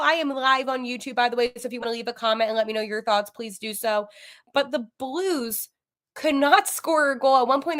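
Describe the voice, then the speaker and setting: A woman hosts a live post-game sports show from home, her voice bright and sharp with a rather high pitch. She talks excitedly and gets flustered, tumbling into quick asides and fillers as she reacts. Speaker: podcast host.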